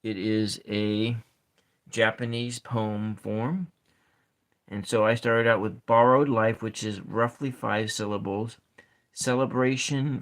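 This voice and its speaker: A man hosting a soft-spoken ASMR poetry session, talking in a slow, halting way and counting syllables aloud. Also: medium pitch. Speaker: ASMR channel host.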